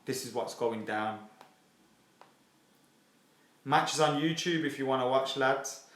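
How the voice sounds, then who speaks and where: A man hosting a casual football fan live stream, excitable and sweary as he reads viewer comments aloud. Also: medium pitch, a little slow. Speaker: football fan channel host. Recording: roomy echo.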